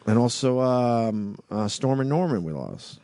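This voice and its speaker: A man's voice: medium pitch, animated, unhurried, warm tone, no echo. Male talk-radio host, casual, news-reading, dry studio sound. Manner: rambling, reads news stories aloud.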